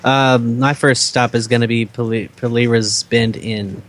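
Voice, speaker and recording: A man playing a tabletop game, describing his actions in an unhurried, giggly way. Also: medium pitch, fairly even intonation. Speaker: player.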